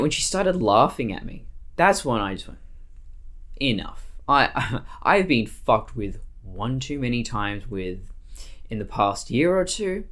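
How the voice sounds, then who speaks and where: An Australian woman telling a personal story on her vlog in a blunt, profane, animated way. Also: extremely low pitch. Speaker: vlogger.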